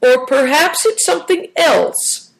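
A woman voicing a cautious, thoughtful young boy in a storybook, measured and careful, a little higher than her narration. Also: expressive, creaky, full character voice, rough recording.

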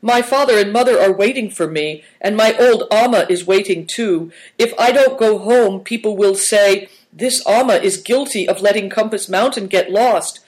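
Guy voicing a serious quiet kid, soft and formal, bit high. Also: normal speed, hardly any pauses, natural voice, low-quality recording. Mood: earnest. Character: earnest, quiet, sensible young boy.

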